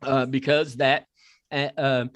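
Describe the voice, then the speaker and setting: A man with a Southern accent hosting a talk podcast, excitable and repeating himself as he pitches a sponsor. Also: slow pace, no echo. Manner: excitable, repeats words and restarts. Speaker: podcast host. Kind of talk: casual chat with a sponsor plug.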